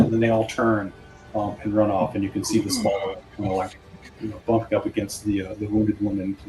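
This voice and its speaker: A man narrating as game master of a tabletop horror game, halting with many fillers. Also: on the low side, dark tone, low-quality recording.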